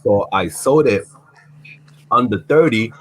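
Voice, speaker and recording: A man's voice: on the low side, lively intonation, slow pace, a little hiss or hum. A man guest on a live stream, laid-back and boastful in casual chat, swearing freely.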